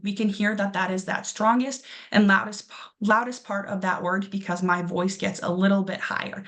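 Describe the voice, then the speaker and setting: A young woman teaching a pronunciation lesson to a class. She talks patiently with a good deal of um, sounds words out slowly, and encourages her students. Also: medium pitch, little pitch movement, a bit bright. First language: English. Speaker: English teacher.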